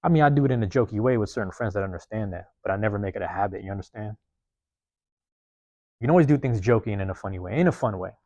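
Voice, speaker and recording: Man, podcast host, rapid casual monologue, streetwise and profane, reflective, dry close sound. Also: on the low side, a little mellow, no echo. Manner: profane, rambling, streetwise talk; self-reflective, keeps checking in with listeners.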